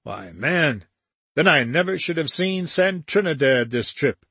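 A man voicing an easygoing young man who talks in a slow, unhurried drawl. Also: on the high side, big pitch swings, pushed and bright, husky, no room sound, full character voice. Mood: easy.

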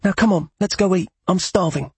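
A man's voice: sits high, normal speed, creaky, a little mellow, slightly rough, no echo, voice pushed up, heavily acted. A man reading an audiobook, voicing a spirited and blunt young woman.

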